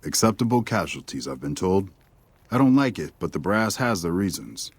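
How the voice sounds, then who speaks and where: A man's voice: low-pitched, very animated, moderate pace, husky, dry recording, exaggerated voice. An actor playing a blunt, resigned male army lieutenant in video game dialogue. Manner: clipped, matter-of-fact.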